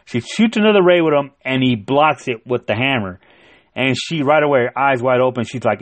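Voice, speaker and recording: A man casually retelling a comic book's plot, excitable and profane, with lots of fillers and restarts. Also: medium pitch, normal speed. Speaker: comic book reviewer.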